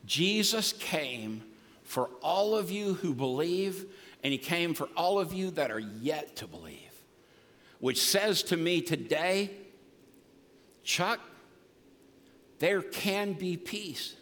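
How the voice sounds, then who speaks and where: A man's voice: fairly high pitch, lively intonation, takes it slowly, fairly bright tone. An older man preaching a sermon as pastor, emphatic and folksy with humor. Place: church sanctuary. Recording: long reverb of a large hall.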